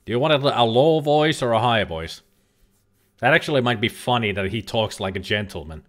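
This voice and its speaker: A man's voice: mid-range voice, animated, a little fast. A man giving casual, rambling let's-play commentary as a streamer, joking and now and then swearing. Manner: chatty, rambling, jokey, occasional swearing.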